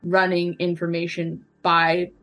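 A woman's voice: on the low side, monotone, fairly bright tone, soft background music. A woman journalist answering interview questions carefully, often restarting her phrases. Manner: careful, halting, with many restarts.

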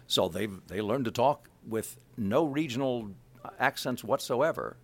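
A man from Kansas City, a voice actor, chatting in an interview with rambling, halting sentences full of restarts and asides. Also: mid-range voice, lively intonation. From Kansas City, USA. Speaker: voice actor guest. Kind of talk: casual interview chat.

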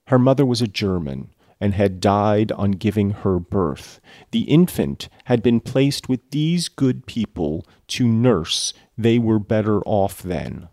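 A man's voice: on the low side, animated, slow, mellow, dry recording, studio quality. A man reading a novel aloud and breaking off for sarcastic, irreverent commentary. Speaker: reader and commentator.

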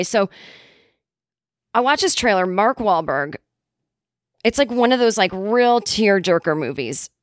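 A woman hosts her own podcast alone, riffing in a sarcastic, rambling way. Her voice sits at a middle pitch and is recorded dry, with no room sound. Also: dry recording. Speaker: podcast host. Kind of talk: solo podcast commentary.

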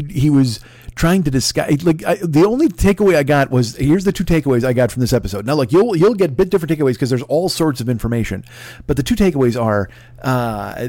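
A man riffs through a comedy podcast monologue, cursing freely and rambling from tangent to tangent. His voice sits in a middle pitch and jumps into loud, excitable bursts. The recording is dry and close, with no room echo. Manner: rambling, profane and excitable, with sudden loud outbursts. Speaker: podcast host.

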